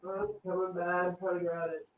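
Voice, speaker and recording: Breathless guy w a high voice, keeps tripping over his words, roomy far-off sound. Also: flat delivery. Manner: halting, repeats words, apologetic. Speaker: livestream guest. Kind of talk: casual livestream chat. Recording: roomy, distant and dull.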